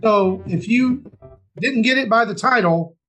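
A man's voice: high voice, a little slow, a bit bright, soft background music. A man from the Southern United States hosting a podcast, loose and rambling in casual banter. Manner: loose, rambling, friendly with fillers. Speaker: podcast host.

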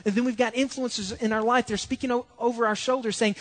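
A man's voice: high-pitched, brisk, big-room sound. A male pastor preaching a sermon in an urgent, pleading way, repeating his points.

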